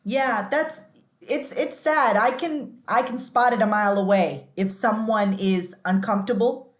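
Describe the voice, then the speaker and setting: A woman's voice: mid-range voice, a little slow, reverberant. A woman guest on an interview podcast, telling stories in a chatty, candid way, often restarting and saying "like".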